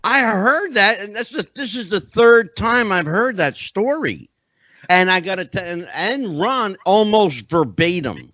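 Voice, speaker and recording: A man's voice: high-pitched, animated, a little slow, pushed and bright, no room sound. A middle-aged man hosting a podcast interview, chatty and often rephrasing himself. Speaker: podcast host.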